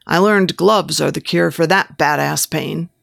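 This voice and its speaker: A woman's voice: sits low, a little slow, gravelly, fairly bright tone, dry recording, studio quality, exaggerated voice. A woman reading a pushy, lecherous male photographer. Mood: bossy. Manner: coaxing, giving step-by-step instructions.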